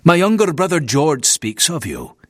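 A man's voice: a little high, big pitch swings, moderate pace, no room sound, clean studio sound, voice pushed up. A man voicing a nervous, disapproving male Victorian minister who talks in a stiff, fussy, complaining way.

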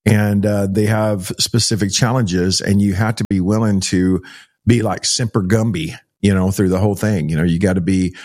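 A man's voice: lowish voice, normal speed. A middle-aged man from Texas, telling stories in an interview and acting out the dialogue. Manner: animated storyteller, acts out quoted dialogue. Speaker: child rescue organization founder. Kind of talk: storytelling in an interview.

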